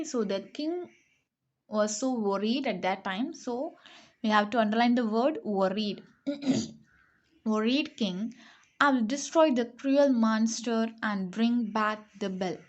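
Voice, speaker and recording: Woman teacher, slightly high voice, very slow and deliberate, dictating grammar to young kids and spelling words out. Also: dull audio. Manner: repeats key words and checks with "okay?". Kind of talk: online grammar lesson for young pupils.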